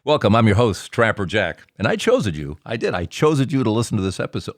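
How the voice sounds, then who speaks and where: A man's voice: fairly low pitch, very animated, brisk, no room sound, studio quality. A man hosting a podcast, introducing the episode in a playful, teasing way. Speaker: podcast host.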